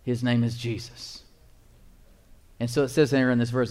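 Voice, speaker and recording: A male pastor preaching a sermon, emphatic, repeating phrases and reading scripture slowly. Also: mid-range voice, darkish tone.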